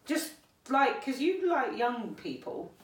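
A woman's voice: high voice, very animated, slow, recorded from a distance. A young woman in her twenties trades jokes and laughs through a loose chat with friends. She sits back from the mic, and her voice rings around a roomy space. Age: 20s. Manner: laughing, joking, talks over others. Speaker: podcast co-host. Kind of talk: casual chat among friends.

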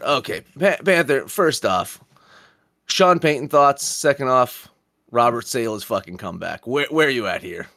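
A man's voice: mid-range voice, lively intonation, moderate pace, sharp tone, no echo, studio quality. A man hosting a sports podcast in casual, profane chat, rambling and reading quotes aloud. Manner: rambling, swears often, reads quotes aloud. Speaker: podcast host.

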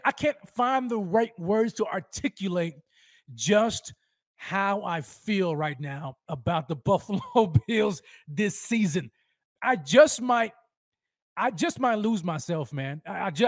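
A man's voice: very high-pitched, dry recording, clean studio sound. A man hosting a live sports fan show, hyped and rambling, with slangy street talk and lots of repeats.

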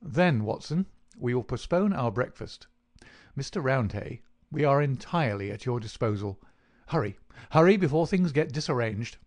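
A man's voice: mid-range voice, expressive, close to an everyday voice. A man voicing a precise, reserved male detective in an audiobook reading. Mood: urgent. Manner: measured, precise. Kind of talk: audiobook character voice.

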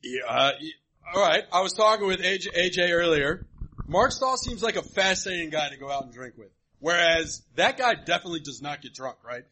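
Sarcastic guy ranting on a live podcast, high animated voice, husky. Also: fairly quick. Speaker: podcast co-host. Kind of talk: casual chat.

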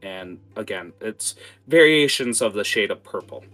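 A man's voice: lowish voice, expressive, moderate pace, fairly bright tone, faint music behind. A man narrating a tabletop game as game master, casual and full of fillers and restarts.

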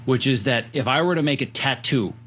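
A man's voice: medium pitch, a little fast, fairly bright tone, a little hiss or hum. A man hosting a podcast, asking reflective questions in a thoughtful way. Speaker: podcast host.

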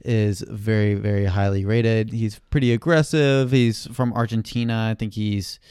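A man's voice: lowish voice, fairly even intonation, normal speed, a little mellow, smooth, no echo, studio quality. A man co-hosting a casual sports podcast, easygoing, often trailing off and correcting himself. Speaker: podcast co-host.

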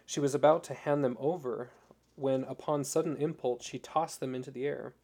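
A man reading a novel chapter aloud as an audiobook narrator, steady storytelling. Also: medium pitch, normal speed, creaky, husky. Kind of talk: scripted narration.

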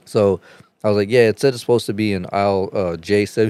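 A man chatting casually on a podcast, telling a rambling, profane story and getting animated as he retells it. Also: fairly low pitch, fast talker, smooth, no echo.

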